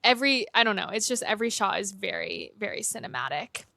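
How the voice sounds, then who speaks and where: A woman's voice: medium pitch, animated, fast, vocal fry, pushed and bright, dry recording, clean studio sound. A young woman cohosting a podcast in casual chat, hesitant and full of fillers. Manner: hesitant, lots of "like" and trailing off.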